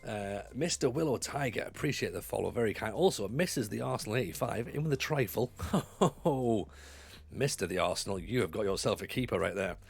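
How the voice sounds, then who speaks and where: A man's voice: lowish voice, a little fast, creaky, breathy edge. A man streaming from home, chatting casually and animatedly with his live chat. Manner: chatty, animated, often laughs.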